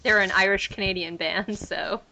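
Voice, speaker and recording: A woman's voice: medium pitch, fairly even intonation, normal speed, creaky, crowd noise. A woman in casual podcast chat, outspoken and full of restarts.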